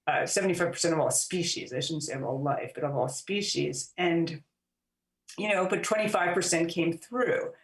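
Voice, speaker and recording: A woman author and journalist, a guest in an interview, giving long, measured explanations with frequent fillers. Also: fairly low pitch. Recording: roomy and distant from the mic.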